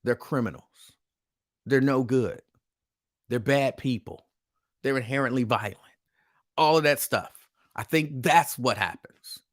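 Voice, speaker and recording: A man's voice: medium pitch, measured pace, pauses often. A man hosting a casual live stream, talking in an emphatic, repetitive, conversational way. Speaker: host.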